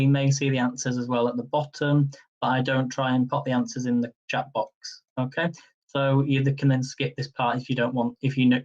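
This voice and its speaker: Man, quiz host, live stream, chatty, reads questions slowly twice, mid pitch, muffled lo-fi audio. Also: far from the mic. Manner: chatty asides, then reads each question slowly and repeats it.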